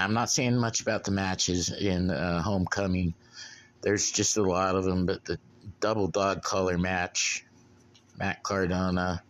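Solo podcast host, man, low-pitched, profane and laid-back rambler. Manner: profane, blunt, drinking beer while talking.

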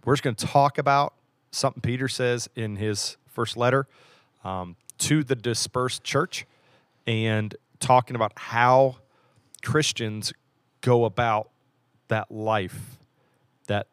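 A man's voice: medium pitch, slow pace, no room sound, studio quality. A man co-hosting a casual podcast in an earnest, laid-back way. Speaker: podcast co-host. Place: small studio room in a theater.

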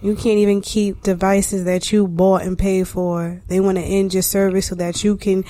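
A woman's voice: mid-range voice, level tone, moderate pace, dark tone, no echo. A woman co-hosting a podcast in casual chat, talking in an emphatic, preachy way. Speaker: podcast co-host.

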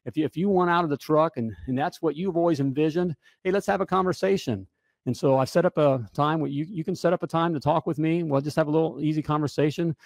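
A man coaching plumbers in a casual, joking sales pitch, often checking in with "all right?". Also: fast, vocal fry, a little mellow, dry recording, studio quality. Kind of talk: casual promotional pitch to camera.

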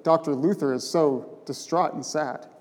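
A man's voice: fairly high pitch, normal speed, a little mellow, lightly acted. Man doing a dry, teasing wife. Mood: wry. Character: wry, calm wife scolding her husband. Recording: long church reverb.

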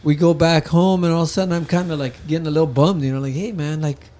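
A man's voice: on the high side, racing, warm tone. A man in casual chat, telling a rambling story in a laid-back way and acting out what people said.

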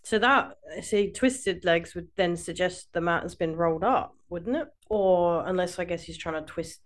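A woman's voice: fairly low pitch, normal speed. A woman from England with an English accent, chatting on a podcast and jumping in with eager questions. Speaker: podcast co-host. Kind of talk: casual podcast chat.

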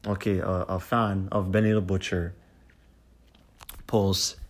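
A man's voice: low-pitched, little pitch movement, takes it slowly. A man ranting to camera with heated, profane, repetitive commentary. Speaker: vlogger.

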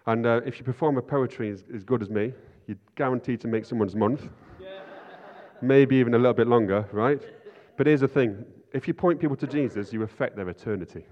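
A man's voice: mid-range voice, fairly quick, a little mellow. A man preaching an informal sermon, chatty and self-deprecating, often asking "right?". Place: church hall. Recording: lo-fi sound in a reverberant hall.

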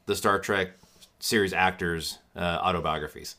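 A man's voice: deep voice, steady tone, normal speed, pushed and bright. A man in casual podcast chat, rambling enthusiastically with lots of fillers. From from Sacramento area. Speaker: podcast guest.

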